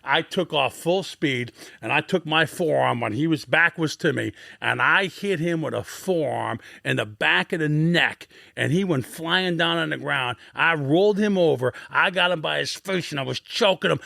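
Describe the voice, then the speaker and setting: A man in his fifties telling rough, profane stories as a podcast guest in an animated, swearing way. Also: on the high side, normal speed, hardly any pauses, no echo, clean studio sound. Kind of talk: casual storytelling on a sports podcast.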